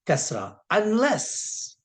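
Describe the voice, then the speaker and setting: A man teaching a recorded lesson who patiently repeats key sounds and draws words out slowly for emphasis. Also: high-pitched, huge pitch swings. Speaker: Arabic teacher.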